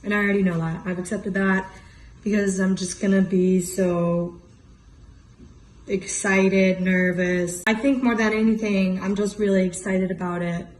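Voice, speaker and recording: A woman's voice: medium pitch, flat delivery, measured pace, darkish tone. Young woman, casual vlog chatter, filler-heavy candid talk, roomy echo, faint background hiss. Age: 20s. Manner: chatty, frequent "like" and "you know", candid and emotional. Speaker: vlogger. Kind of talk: casual talking-head vlog.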